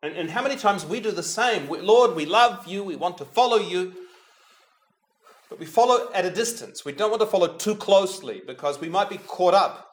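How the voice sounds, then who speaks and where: Guy giving a quiet prayerful homily, kinda high voice, talks right to jesus and goes hushed on the name. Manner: addresses Jesus directly, softening to a hush on the name.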